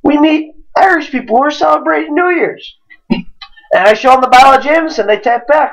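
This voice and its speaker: A man's voice: very high-pitched, a little fast, vocal fry, fairly bright tone, rough recording. A young man from Wisconsin, hosting a podcast, tells a rowdy drinking story in casual, profane chat, with sudden jumps into quoted voices. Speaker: podcast host.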